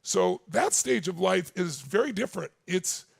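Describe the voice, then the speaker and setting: Gravelly man in his sixties, high-pitched. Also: lively intonation, a little slow, no echo, studio quality. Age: 60s. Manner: intense storytelling, addresses the audience directly. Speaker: motivational speaker. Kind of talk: motivational seminar talk. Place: large stage with live audience.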